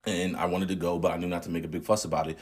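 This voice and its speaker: A man's voice: deep voice, flat delivery, very fast, husky. A man in his thirties candidly retelling a family story in a casual, slangy vlog. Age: 30s. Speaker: channel host.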